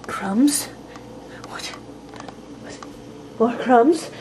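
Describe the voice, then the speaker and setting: A young woman acting in a home comedy sketch, mumbling and whispering groggily, then bursting into frantic shouts. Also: fairly high pitch, drawn-out words. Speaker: comedic video sketch performer. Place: home kitchen.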